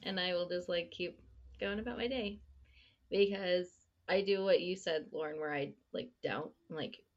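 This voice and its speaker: A woman's voice: on the low side, moderate pace. A woman in a casual podcast chat who speaks hesitantly and fills her talk with "like" and "um". She keeps second-guessing herself. Her voice sounds muffled and lo-fi, as if recorded on a modest mic. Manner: hesitant, self-doubting, filler-heavy. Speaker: podcast guest.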